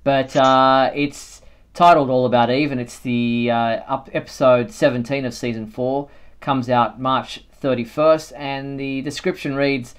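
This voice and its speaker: A man's voice: medium pitch, steady tone, measured pace, smooth. A man hosting a live fan show, chatting casually and thinking aloud with plenty of fillers. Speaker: host.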